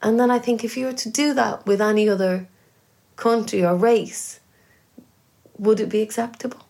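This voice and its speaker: Gravelly Irish woman, heartfelt. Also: a little high, steady tone, moderate pace, mellow. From Ireland. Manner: earnest, heartfelt, thinking aloud with restarts. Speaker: guest musician. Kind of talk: casual conversational interview.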